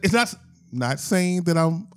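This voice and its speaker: A man's voice: high voice, animated, a little slow, clean tone. A man hosting a casual podcast chat, talking loosely with slang and laughing asides. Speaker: podcast host.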